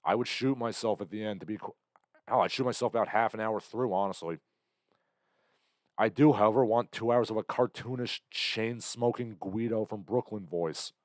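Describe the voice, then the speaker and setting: A man's voice: on the low side, moderate pace, no room sound, studio quality. A young man hosting a casual livestream, rambling sardonically through chat comments. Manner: rambling, sardonic, bursts into loud impressions. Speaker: livestream host.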